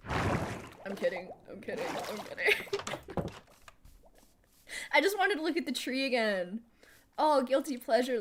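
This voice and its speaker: A woman streamer giving casual live gameplay commentary. She thinks out loud while she builds, answers chat aloud and laughs often. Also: mid-range voice, a little hiss or hum. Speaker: streamer playing a building game.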